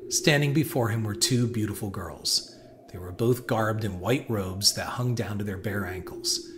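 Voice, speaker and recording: Low-voiced man narrating a horror story. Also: normal speed. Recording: noisy hiss behind voice.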